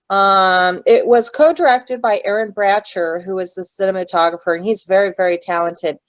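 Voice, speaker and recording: A woman with a mid-range voice chats casually in an interview as an actress guest, straying from her point and losing her thread. The audio is poor, though there's no echo.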